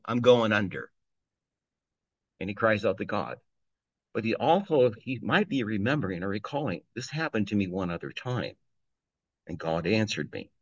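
A man delivers an informal sermon, chatty and plain-spoken as he reads scripture and talks it through. His voice sits at an ordinary middle pitch. The recording is dry, with a slightly dull, muffled tone. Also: fairly bright tone, dry recording. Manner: conversational, reads scripture aloud, chuckles between points. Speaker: preacher.

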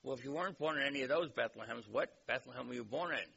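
A man's voice: mid-range voice, fast talker, gravelly, bright, forceful tone. Man doing a smug, polite bar patron. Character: smug middle-aged man at a hotel bar. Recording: dull recording with faint hiss.

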